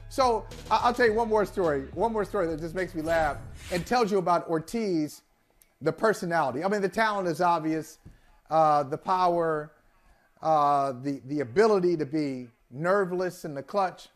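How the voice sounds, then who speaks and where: Talk show co-host, man with a high voice, lively storyteller, faint music under the talk. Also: moderate pace. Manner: animated storyteller, laughs while telling anecdotes. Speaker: co-host telling stories. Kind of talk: casual sports talk show chat.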